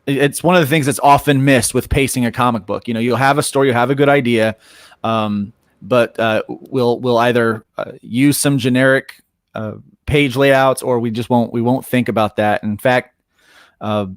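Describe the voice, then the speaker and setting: A man's voice: medium pitch, fairly even intonation, moderate pace, no room sound, studio quality. Rambling man on a comics panel. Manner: rambling, with many restarts and fillers. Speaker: comic book writer and artist on a panel. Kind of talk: casual panel talk.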